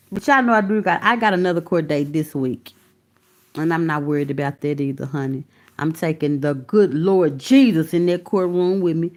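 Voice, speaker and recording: A woman hosting a casual live stream from her phone or computer, greeting viewers by name and talking bluntly with lots of cursing. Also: on the low side. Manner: blunt and profane, calling viewers honey and baby. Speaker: livestream host reading viewer comments. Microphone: phone or computer mic.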